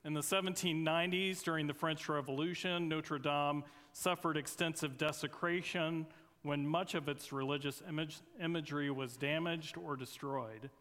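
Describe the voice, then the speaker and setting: A man's voice: a little high, steady tone, a bit bright. Earnest man preaching in a reverberant hall. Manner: earnest, measured, pausing between phrases. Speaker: guest preacher. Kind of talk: sermon with opening prayer. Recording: long reverb of a large hall.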